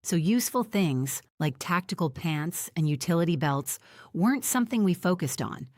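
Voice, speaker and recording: Woman reading an audiobook, calm and steady, lower voice, dry studio sound. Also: moderate pace, no room sound. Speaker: audiobook narrator. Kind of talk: scripted first-person audiobook narration.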